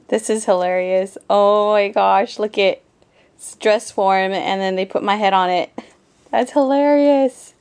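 A woman's voice: medium pitch, a little slow, a little mellow, clean tone. A young adult woman unboxing a gift on her crafting vlog, gushing and repeating how surprised she is while talking to her viewers. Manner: gushing, repeats "oh my gosh", talks to viewers as "guys". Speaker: crafting vlogger.

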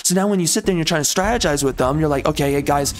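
A man's voice: a little high, animated, racing. A man hosting a gaming channel, ranting in a frustrated, rambling monologue with repeated phrases and mild swearing.

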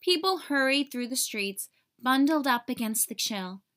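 Woman teacher, children's read-aloud, slow, lively voice. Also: sits high. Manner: expressive, storytelling.

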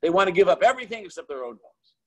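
Middle-aged male rabbi, husky, higher-pitched storyteller, lively anecdotes. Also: very fast, poor audio. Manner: animated anecdotes with quoted dialogue and filler restarts. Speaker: Chabad rabbi and author. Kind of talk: storytelling talk.

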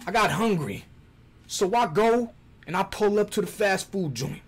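A man's voice: high-pitched, lively intonation, normal speed, slightly rough. A man, a gaming video creator, delivering a profane, theatrical comedic rant. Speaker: gaming YouTuber.

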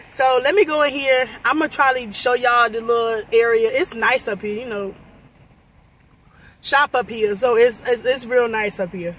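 A woman talking to her viewers in a casual vlog, excited and rambling, her voice getting worn. She talks into a handheld phone from inside a car. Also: on the high side, moderate pace, a little hiss or hum. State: losing her voice. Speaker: vlogger. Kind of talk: casual vlog chat to camera. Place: in a car in a shopping center lot. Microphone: phone camera held by hand.

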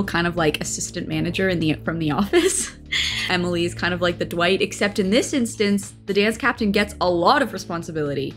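A young adult woman, an actor, casually talking through a reaction to her old show in a rambling way and often correcting herself. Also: fairly low pitch. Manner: rambling, chatty, with frequent self-corrections.

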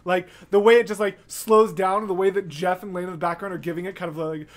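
A reaction video host giving casual, excitable commentary, gushing and chatty with fillers, scatting rhythms to make points. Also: medium pitch, quick pace. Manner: scats rhythms to illustrate points.

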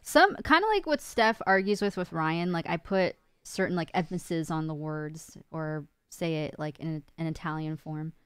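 A chatty woman co-hosting a casual live stream, her voice smooth and on the low side. She reads viewer comments aloud and laughs easily, recorded close and dry with no room sound. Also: normal speed, few pauses, no echo. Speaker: stream co-host.

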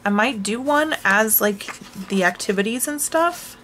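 A woman vlogger chatting casually while showing her coloring books, rambling and self-deprecating, with sighs and hushed asides. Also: on the high side, animated, unhurried, a little hiss or hum. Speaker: craft vlogger.

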